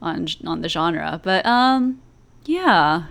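Chatty tipsy woman, smooth voice. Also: lowish voice. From American South. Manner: chatty, animated, laughs often, drawn-out syllables. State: tipsy from wine. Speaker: podcast co-host. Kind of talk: casual movie discussion.

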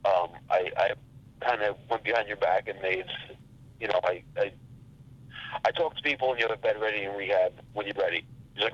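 A man telling a rambling story in a casual, profane and animated way. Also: on the low side, a little fast, highs cut off. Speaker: podcast guest.

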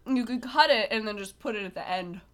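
A woman's voice: medium pitch, lively intonation, fast talker, over a noisy crowd. A woman co-hosting a casual podcast, chatting and teasing while she reads ingredient lists aloud. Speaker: podcast co-host. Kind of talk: casual chat.

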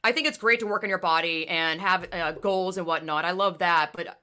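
A young woman chatting casually on a podcast, telling animated stories that burst into loud, profane rants. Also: lowish voice, a little fast, smooth. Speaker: former amateur cyclist.

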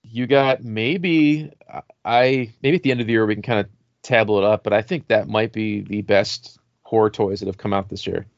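A man's voice: fairly low pitch, moderate pace, no room sound, dull audio. Laid-back man rambling about collectibles. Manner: relaxed, rambling with many "like" fillers. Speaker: podcast co-host. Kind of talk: casual chat about horror toys.

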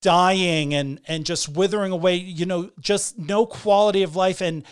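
A woman's voice: lowish voice, steady tone, moderate pace, smooth. A middle-aged woman co-hosting a casual chat, speaking candidly and earnestly, often restarting her sentences.

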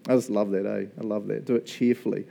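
Mellow-voiced New Zealand preacher, chatty. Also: male voice, on the low side, fast talker, vocal fry. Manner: chatty, jokey, animated storyteller. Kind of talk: casual sermon with storytelling.

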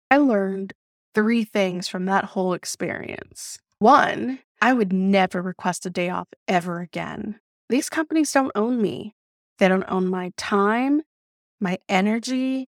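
A woman hosting a podcast, telling a personal story in an animated, emphatic way, swearing freely and calling her listeners "y'all". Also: medium pitch, measured pace, no room sound, clean studio sound. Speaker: podcast host. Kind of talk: casual storytelling monologue.

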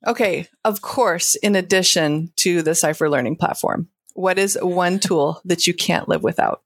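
A woman's voice: on the low side, moderate pace, slightly rough, no echo. A woman co-hosting an interview, asking questions in an upbeat way. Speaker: co-host. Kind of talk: casual interview chat.

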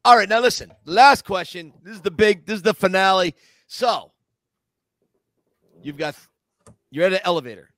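A man's voice: high voice, normal speed, pauses often, fairly bright tone, dry recording. A man hosting a podcast interview, upbeat and friendly, who asks pointed questions. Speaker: podcast host.

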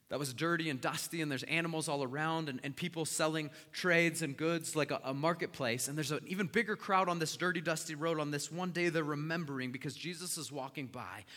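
A male pastor preaching a sermon, telling the story dramatically as his voice swings from loud to hushed. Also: fairly high pitch. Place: church sanctuary. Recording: long echoing hall reverb.

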